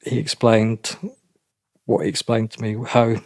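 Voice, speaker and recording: Middle-aged man, interview guest; halting, restarts a lot, dry close mic. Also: lowish voice, monotone, gravelly, darkish tone, no room sound. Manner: halting, repeats himself, many restarts. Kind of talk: emotional personal account.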